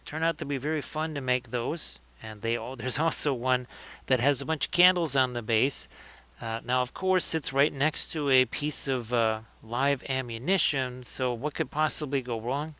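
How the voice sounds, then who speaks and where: A man's voice: medium pitch, moderate pace, bright, forceful tone, clean tone. A man hosting a livestream, chatting casually and joking as he talks through painting his miniatures. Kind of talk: casual live commentary.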